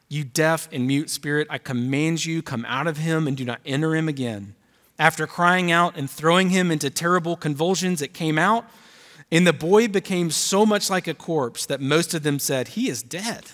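Male pastor, slightly high voice, preaching with rising emphasis in a church hall with long reverb. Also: fairly bright tone. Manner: reads scripture aloud, building emphasis. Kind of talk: sermon. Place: church auditorium.

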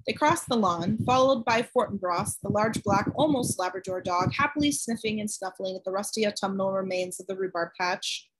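A woman reading a novel aloud with steady, even storytelling. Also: mid-range voice, normal speed, few pauses, slightly rough, rough recording. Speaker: audiobook narrator.

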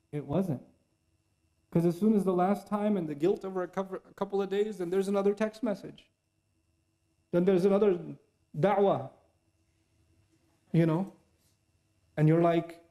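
A man's voice: sits high, darkish tone. A man giving an earnest, conversational sermon, now and then reciting Arabic verses. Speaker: Islamic preacher.

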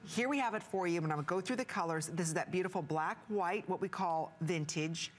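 A woman hosting a live shopping channel, pitching products in an upbeat, salesy way. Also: fairly quick. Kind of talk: live TV selling.

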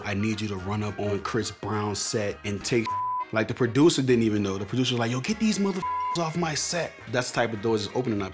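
A young man telling his story in a relaxed, slangy, animated way. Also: mid-range voice. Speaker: viral comedian. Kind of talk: casual storytelling interview.

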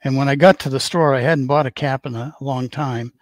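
A man's voice: mid-range voice, steady tone, a little fast, dry recording. A man in his seventies with a Boston accent, chatting as a stream guest and telling rambling, joking stories. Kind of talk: casual chat on a stream.

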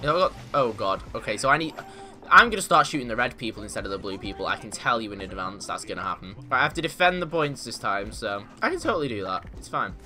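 A man giving casual, excitable commentary on his own gameplay, boasting in jest and yelping when things go wrong. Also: on the low side, fast talker, faint music behind. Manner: excitable, mock-boastful, yelps and laughs in panic.

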